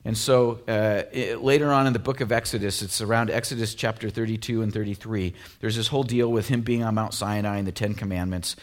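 A man preaching a casual, conversational sermon, full of fillers and lively asides. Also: on the low side, a little fast, hardly any pauses. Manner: conversational, animated, many fillers like "you know" and "like". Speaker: pastor.

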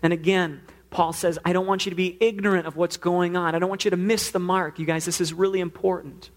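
A man's voice: high voice, level tone, fairly quick. A man preaching a sermon, earnest, now and then acting out the pleas he quotes. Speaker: pastor.

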